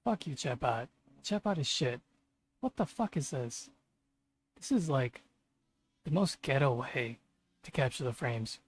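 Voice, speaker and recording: A man livestreams his coding session and vents in a husky, mid-pitched voice. His commentary comes as frustrated rants, heavy with swearing. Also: expressive, a little slow, long pauses. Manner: frustrated, profane ranting. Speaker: streamer programmer. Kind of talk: live coding stream commentary.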